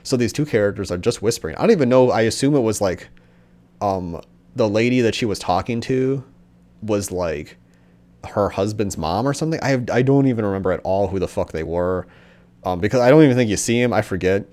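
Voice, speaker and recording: A man's voice: lowish voice, expressive, a little fast, a little mellow. Rambling, sarcastic young guy. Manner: rambling, filler-heavy, sarcastic. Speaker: movie reviewer. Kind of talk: casual, profane rant.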